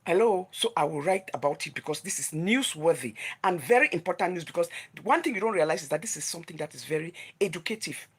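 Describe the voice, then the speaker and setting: A woman's voice: sits low, expressive, fast, few pauses, husky. A woman with a Nigerian accent, a vlogger running her own gossip news channel, delivers a heated, confrontational rant that scolds her target with emphatic repetition.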